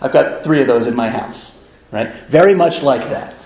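A man's voice: medium pitch, expressive, moderate pace, darkish tone. A man reads passages from a book aloud and explains them in a casual way. He keeps checking in with his listeners by asking "right?". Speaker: discussion leader reading from a recovery book. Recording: echoey room.

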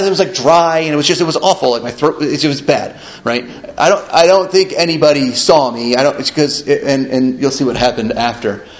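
A man's voice: mid-range voice, poor audio. Man telling a recovery story, rambling. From upstate New York. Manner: rambling, many restarts and "right?". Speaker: recovery speaker. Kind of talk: personal story share.

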